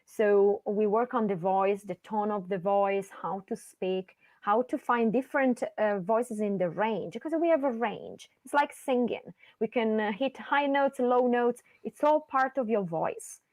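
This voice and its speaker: Woman voice coach, co-host, lively demo-style delivery, dry close webcam sound. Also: measured pace, few pauses, dry recording. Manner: animated, swings her voice high and low to demonstrate. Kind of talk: casual podcast chat.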